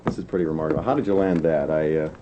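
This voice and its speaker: A man hosting a television talk show, briskly questioning his guest. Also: rumbling low, fairly even intonation, highs cut off. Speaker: TV show host. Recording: noisy old TV broadcast.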